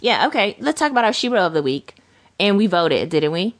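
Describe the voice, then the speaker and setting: A woman co-hosting a casual chat podcast, telling stories with animated acted-out quotes. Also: medium pitch, fairly quick, no echo. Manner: animated storytelling, acts out quoted voices. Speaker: podcast co-host.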